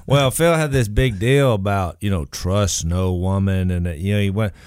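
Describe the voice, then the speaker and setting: A middle-aged co-host telling stories in a casual chat with an animated delivery. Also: male voice, sits low, moderate pace, smooth, dry recording, clean studio sound. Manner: animated storyteller who laughs easily.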